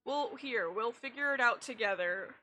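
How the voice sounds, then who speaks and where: A woman's voice: fairly high pitch, expressive, moderate pace, pushed and bright, a little hiss or hum. A young woman streaming a game, chatting casually in a blunt, rambling way with frequent swearing. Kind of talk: casual chat while gaming.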